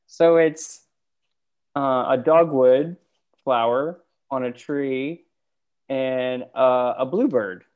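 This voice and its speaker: A man's voice: medium pitch, slow, clean tone, narrow, tinny audio. Hesitant man in casual chat.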